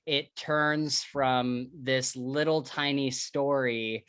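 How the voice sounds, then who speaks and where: A man's voice: medium pitch, steady tone, drawn-out words, a bit bright, clear, resonant tone, dry recording, studio quality. A man co-hosting a podcast, chatting casually and eagerly about books, with plenty of filler words. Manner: chatty, enthusiastic, many fillers. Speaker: podcast co-host. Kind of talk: casual book chat.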